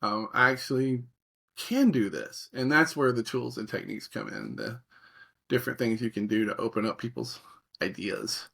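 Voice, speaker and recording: A man's voice: medium pitch, normal speed, gravelly. A middle-aged man in a conversational interview, telling stories as a creativity facilitator and acting out the reactions he quotes. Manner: animated storyteller, acts out quoted reactions.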